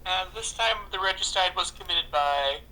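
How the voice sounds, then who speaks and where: Bright-toned deadpan player. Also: medium pitch, moderate pace, slight background noise, poor audio. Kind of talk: casual tabletop chat.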